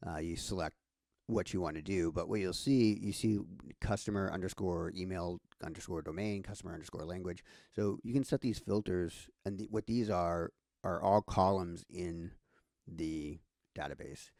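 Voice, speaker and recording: A man's voice: sits low, moderate pace, gravelly, a little mellow, dry recording, clean studio sound. A man giving a casual screen-share tutorial, thinking aloud with many fillers and restarts. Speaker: instructor.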